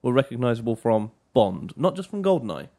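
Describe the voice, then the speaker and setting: A man co-hosting a casual video game podcast, speaking in a measured, reflective way. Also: mid-range voice, big pitch swings, dark tone. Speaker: podcast co-host. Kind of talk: casual chat about games.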